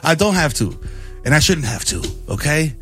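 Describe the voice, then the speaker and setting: A man, hosting morning radio and riffing in animated banter. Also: a little high, normal speed, music in the background. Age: 40s. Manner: animated, riffing, lots of "you know what I'm saying". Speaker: radio host. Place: radio studio.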